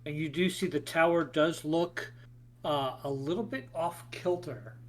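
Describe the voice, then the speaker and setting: A man narrating as game master of a tabletop game, describing scenes in halting bursts with frequent restarts. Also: on the high side. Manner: halting, many restarts and fillers.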